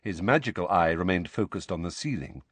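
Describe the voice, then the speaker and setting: Casting: male audiobook narrator, low husky voice, lively delivery. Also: fairly quick, dry recording. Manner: expressive storytelling. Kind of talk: scripted narration.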